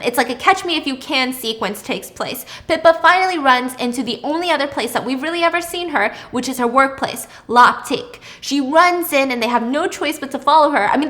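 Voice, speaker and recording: A young woman with a high, slightly bright voice hosts a casual show, dramatically retelling a plot and swearing freely as she recaps the story.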